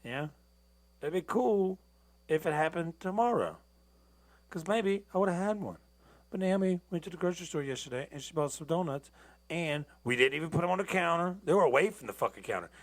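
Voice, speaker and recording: A man's voice: a little high, animated, fairly quick. A tired man hosting a podcast, ranting in a loose, rambling monologue full of profanity and restarts. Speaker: podcast host.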